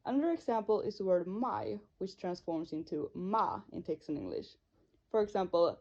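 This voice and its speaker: A woman's voice: medium pitch, animated, moderate pace, warm tone. A young woman reading a school presentation in an earnest, careful way. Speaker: student presenter. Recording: dull lo-fi recording.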